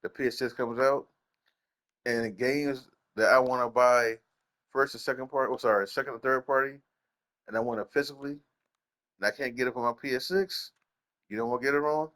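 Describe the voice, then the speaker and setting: A young man hosting a gaming channel, ranting in casual slang, repeating himself and jumping up in pitch when incredulous. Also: fairly even intonation, a little fast, pauses often, fairly bright tone.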